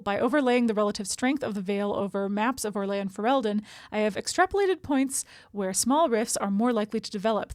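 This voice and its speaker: A calm, precise male elven mage reporting his findings, as a woman reads his letter. The reading is plain and even, in a slightly high voice with a dry, close sound. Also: no room sound, lightly acted. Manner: plain read-aloud of a letter.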